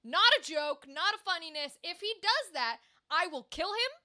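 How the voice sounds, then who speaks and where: A woman's voice: extremely high pitch, lively intonation, moderate pace, bright, forceful tone, heavily acted. A woman voicing a blunt, protective brother who warns his sister bluntly. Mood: warning.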